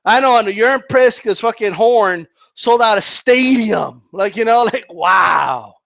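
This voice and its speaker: A man ranting about boxing in a sarcastic, animated way, swearing constantly and laughing often. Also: high-pitched, a little slow, vocal fry, no echo, muffled recording. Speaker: boxing commentator. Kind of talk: profane ranting monologue.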